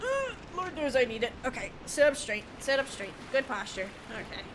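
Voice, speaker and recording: A woman's voice: sits high, very animated, moderate pace, background noise. A young woman streaming a video game, chatting casually, laughing often, swearing freely and joking about herself. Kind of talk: casual gameplay commentary.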